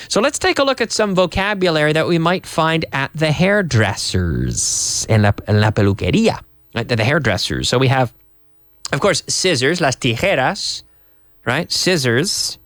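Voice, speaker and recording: Lively Canadian-raised male English teacher. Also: a little high, no echo, studio quality. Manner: lively, spells words out, mixes in Spanish. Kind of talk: bilingual TV English lesson.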